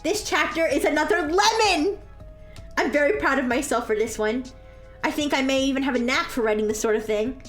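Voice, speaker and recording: A woman's voice: sits high, a little fast, soft background music. A woman streamer reading fanfiction aloud with mock-dramatic, amused asides.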